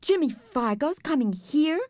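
A woman's voice: a little high, lively intonation, normal speed, no echo, natural voice. A woman voicing a bossy, dramatic young girl who gushes and scolds. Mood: gushing. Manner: gushing and bossy.

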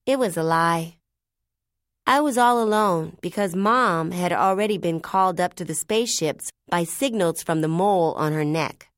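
A woman's voice: lowish voice, dry recording. A woman narrating a first-person storybook in a chatty, wry, conversational way on a close studio mic. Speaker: audiobook narrator.

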